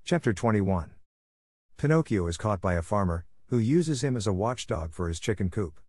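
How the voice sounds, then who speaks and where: A man with a low voice reads a children's classic aloud in scripted storybook narration. His delivery is steady and even, recorded close and dry with no room sound. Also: moderate pace, no room sound. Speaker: audiobook narrator.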